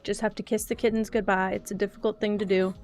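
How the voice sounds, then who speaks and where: A young woman chatting casually on a livestream, soft-spoken and quick to laugh as she talks to her cats and her chat. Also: medium pitch, little pitch movement, soft background music.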